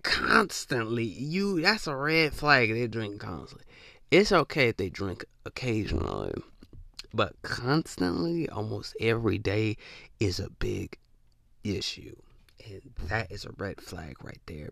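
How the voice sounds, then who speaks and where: Young male podcast host, casual rambling rant, slang-heavy, bright edge, dry close mic. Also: mid-range voice, vocal fry, dry recording. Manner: loose, rambling, emphatic with slang. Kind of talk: casual monologue.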